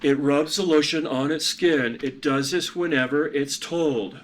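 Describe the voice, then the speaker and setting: A man's voice: a little high, measured pace, voice pushed up, close to an everyday voice. A man voicing a creepy male captor who speaks in a cold, chanting, menacing way.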